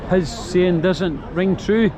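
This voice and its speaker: A Scottish man in his sixties giving a relaxed, chatty walking-tour vlog, full of local slang with frequent pauses. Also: high voice, crowd noise. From Scotland. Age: 60s. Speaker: vlogger and tour guide. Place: outdoors on busy city streets and inside a pub. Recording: street noise and traffic behind.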